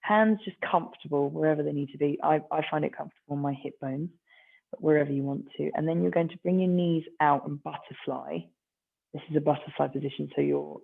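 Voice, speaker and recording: A stretching instructor leads a class in a gentle, encouraging way, with a gravelly edge to the voice. The recording sounds thin and tinny, like a phone line. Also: mid-range voice. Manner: gentle, encouraging, with light self-mocking asides.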